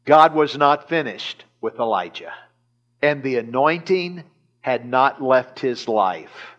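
A man's voice: mid-range voice, expressive, takes it slowly, a bit bright, muffled recording. A man preaching a sermon in church, retelling a scripture story animatedly with chuckles and repeated phrases. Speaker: pastor. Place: church service.

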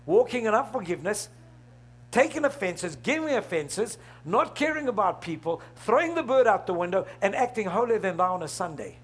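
A middle-aged pastor preaches with a husky, high-pitched voice. He keeps throwing questions out to the congregation and laughing with them as he goes. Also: sing-song, fairly quick. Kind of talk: sermon.

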